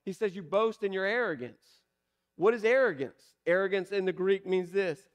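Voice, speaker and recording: A man preaching a sermon, asking emphatic rhetorical questions and slowing down to stress key words. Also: high voice. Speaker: pastor.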